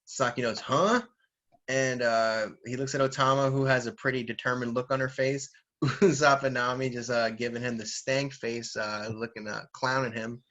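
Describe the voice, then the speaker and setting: Bright, lively male reviewer, casual, laughs a lot. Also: medium pitch, normal speed, muffled recording. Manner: lively, laughs often, fillers. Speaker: manga reviewer. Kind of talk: casual chat, reading aloud.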